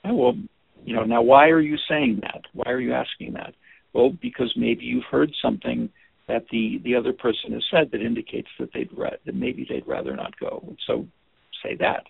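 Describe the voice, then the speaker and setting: Gravelly man teaching over a tinny line. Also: mid-range voice, normal speed, no room sound. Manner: gentle, hesitant, many restarts and fillers. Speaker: teacher of listening skills. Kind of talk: informal spoken lesson. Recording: dry, phone-like narrow sound.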